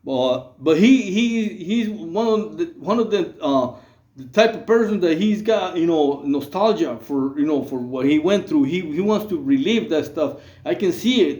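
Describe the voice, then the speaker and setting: In a reverberant recording, a man with a dark tone and a voice on the high side talks to camera on his channel. It's a casual monologue, loose and rambling, with a streetwise feel and plenty of fillers.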